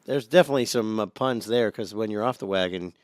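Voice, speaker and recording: A man co-hosting a podcast in casual chat, an animated storyteller who acts out the people in his jokes. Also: lowish voice, fast, no echo, clean studio sound. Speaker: podcast co-host. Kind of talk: casual chat, telling a joke.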